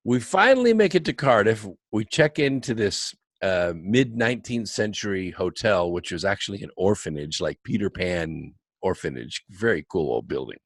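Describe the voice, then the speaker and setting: Lively low-voiced storyteller man. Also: normal speed, few pauses, dry recording. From United States. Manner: animated, wry storyteller. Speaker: guest author. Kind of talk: anecdotal storytelling.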